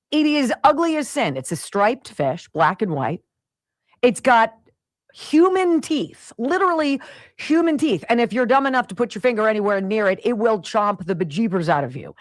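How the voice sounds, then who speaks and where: A woman's voice: mid-range voice, dry recording. A woman hosting a talk radio show, delivering an upbeat, emphatic, folksy monologue.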